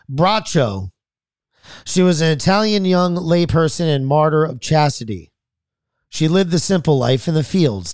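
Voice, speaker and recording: Podcast host guy reading saint bios, slightly high voice, stumbles on names, dry close sound. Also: a little mellow, no echo. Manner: reads aloud, stumbles on names, then adds loose comments.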